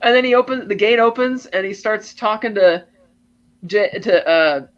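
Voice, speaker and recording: On a muffled recording, a podcast co-host with a high, slightly bright voice talks at a normal pace. In a casual film discussion, he animatedly retells scenes step by step and acts out the lines.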